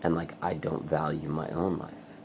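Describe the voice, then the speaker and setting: A man's voice: a bass voice, little pitch movement, moderate pace, creaky, background noise. A man angrily ranting in a personal vlog, swearing a lot. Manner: angry, profane ranting. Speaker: vlogger. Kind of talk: vlog rant.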